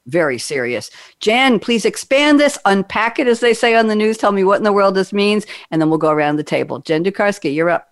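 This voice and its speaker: Lively webinar host, dry close mic, emphatic swoops. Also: fairly quick, no echo. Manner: chatty, animated, jumps up in pitch for emphasis. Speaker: panel host. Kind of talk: moderating a webinar panel.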